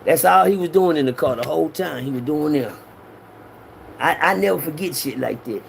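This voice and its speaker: A middle-aged man, telling a street story in an animated way and raising his voice to act out quotes. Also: normal speed, gravelly, slight background noise. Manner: animated, acts out quotes with raised pitch.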